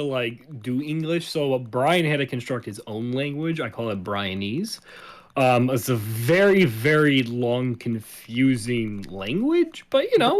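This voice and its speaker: A young man co-hosting a casual podcast, teasing his friends between giggles. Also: medium pitch. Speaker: podcast co-host.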